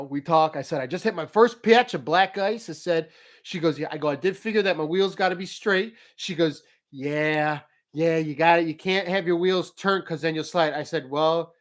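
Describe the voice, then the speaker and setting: Man, a bit high-pitched, casual storytelling host, animated, motivational talk. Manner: animated, laughs while telling stories.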